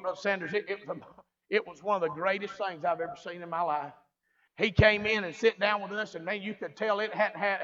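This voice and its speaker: A preacher man with a strikingly high voice tells his story at a revival. He moves from quiet storytelling into fervent, rising preaching. The recording sounds dull and muffled. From American South.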